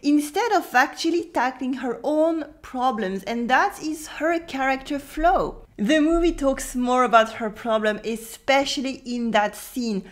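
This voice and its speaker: A French native woman teaching in a video lesson, explaining clearly and slowly repeating example words. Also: high-pitched.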